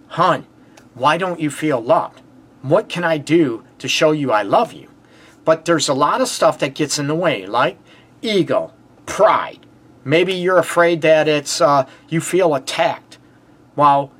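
A Detroit-accented man hosting a relationship advice show, his voice sitting slightly higher than most men's. He preaches in emphatic bursts, firing rhetorical questions and leaning on "you know what" and "let's face it," often breaking into quick laughs. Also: fairly bright tone. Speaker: relationship counselor and show host. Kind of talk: call-in advice show monologue.

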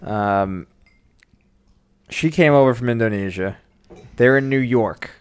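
Male co-host, casual banter, teasing, quick interjections. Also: medium pitch, clean tone. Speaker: podcast co-host. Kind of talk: casual chat.

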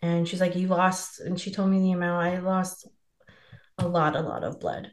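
Telling her birth story as a podcast co-host, this woman chats casually and rambles, leaning on "like" while performing the lines people said. Her voice is on the low side and steady, her pace normal, and the recording sounds roomy.

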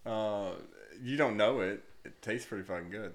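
Low-voiced dude swearing and laughing thru a casual podcast chat. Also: male voice, moderate pace. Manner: profane, laughing, animated storytelling. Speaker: podcast co-host. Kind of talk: casual chat among friends.

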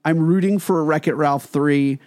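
Upbeat male podcast co-host, high voice, dry close sound, laughs easily. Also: moderate pace, darkish tone, no room sound. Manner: enthusiastic, laughs often. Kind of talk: casual chat.

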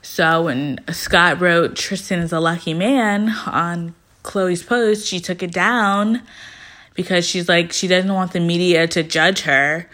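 Chatty woman recapping with lively retellings. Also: on the low side, takes it slowly. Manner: animated storytelling, acting out quotes with "like" fillers. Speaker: reality TV recap vlogger.

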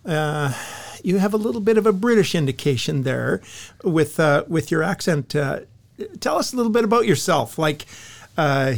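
A man hosts a church podcast, his voice sitting a little high. He talks earnestly with frequent uhs, recorded close and dry. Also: lively intonation, normal speed, gravelly, dry recording. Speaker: podcast host and church ministry director. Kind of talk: podcast interview.

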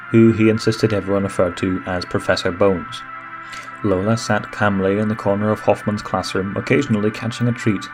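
A man narrating a story in a steady, even way. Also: on the low side. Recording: music bed under narration.

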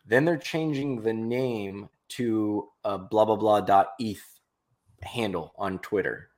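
A man's voice: fairly low pitch, takes it slowly, darkish tone. A man co-hosting a casual podcast, talking in a loose, rambling, joking way. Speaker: podcast co-host.

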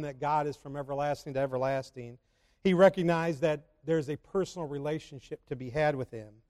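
A man's voice: on the high side, darkish tone. A man preaching a sermon and asking the congregation rhetorical questions. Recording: long hall reverb.

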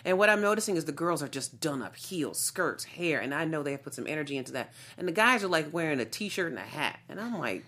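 A woman actress from Texas chatting as a guest, telling animated stories with a lively, swinging voice. She laughs easily. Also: low-pitched, fast talker, few pauses. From suburbs of Houston, Texas. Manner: animated storyteller, laughs often. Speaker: actress, talk show guest. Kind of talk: casual chat.

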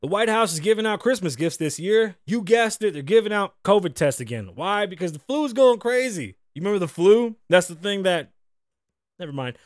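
Expressive and a little fast, an American man in his thirties talks through his casual solo podcast with loose, swearing, joking rants. His voice sits high for a man and leaps around with each riff, recorded dry and close with no echo.

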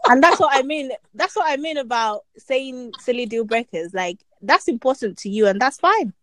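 A woman's voice: sits high, expressive, moderate pace, fairly bright tone. A woman co-hosting a podcast, playful and laughing in casual chat. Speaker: podcast co-host.

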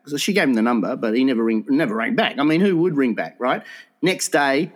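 A man's voice: mid-range voice, lively intonation, brisk. A man telling a funny story in casual chat, swearing freely and laughing along. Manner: swears freely, laughs through his stories.

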